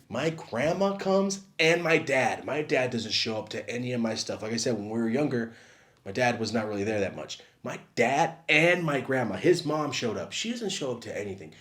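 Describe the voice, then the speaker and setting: A young man telling a funny story from his school days, acting out the quoted lines with big swings in pitch and loudness. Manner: acts out quotes with big jumps in pitch and volume. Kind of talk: animated comedic storytelling.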